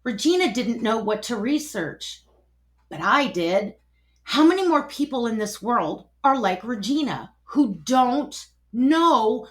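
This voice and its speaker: A middle-aged woman telling a personal story, animated and acting out both sides of each conversation. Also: fairly high pitch.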